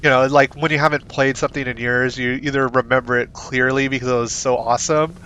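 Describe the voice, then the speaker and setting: A man's voice: mid-range voice, fast, lo-fi sound, a little hiss or hum. Chatty man commenting on a game. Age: adult, not young. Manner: chatty, excitable, reads game text aloud. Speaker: gaming streamer. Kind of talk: casual let's-play commentary.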